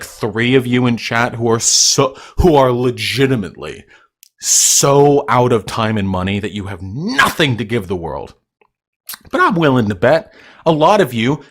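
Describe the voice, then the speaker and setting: A young man rants at his livestream viewers in a combative, mocking tone, full of swearing. His voice sits at an ordinary middle pitch for a man. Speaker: livestream host. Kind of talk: ranting livestream chat with viewers.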